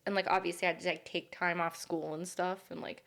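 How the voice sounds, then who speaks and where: A woman's voice: on the low side, little pitch movement, quick pace, gravelly, fairly bright tone. A young woman co-hosting a casual chat, telling childhood stories bluntly, swearing freely and laughing as she talks. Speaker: co-host.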